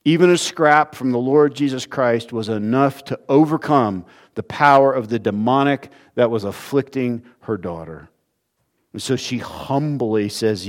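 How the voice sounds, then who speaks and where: A man preaching a sermon, expressive, moving between emphatic lines and hushed, quiet ones. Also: medium pitch, a little slow.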